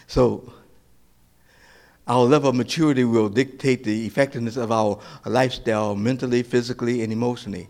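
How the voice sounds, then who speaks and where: A male pastor in the middle of a sermon, his voice at an ordinary middle pitch. He keeps asking the congregation questions and supplying the answers himself, climbing to loud, emphatic declarations and then sinking to hushed, almost whispered points. His voice sometimes drifts away from the mic. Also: fairly even intonation, a little fast, gravelly. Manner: call-and-response questions, swings from loud preaching to near whispers.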